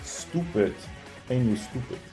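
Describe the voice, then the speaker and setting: A man's voice: medium pitch, expressive, unhurried, warm tone, faint music behind. A man touring his toy collection at home, rambling and self-mocking, out of breath as he moves around with a handheld camera. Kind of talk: casual collection tour. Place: home with figure shelves, indoors. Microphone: handheld camera moving around.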